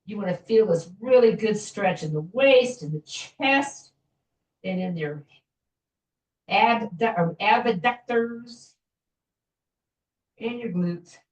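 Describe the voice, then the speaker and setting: Gentle woman leading a stretching class. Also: fairly high pitch, far from the mic. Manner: gentle, chatty, self-joking with little laughs. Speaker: fitness instructor. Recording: echoey room, voice from afar.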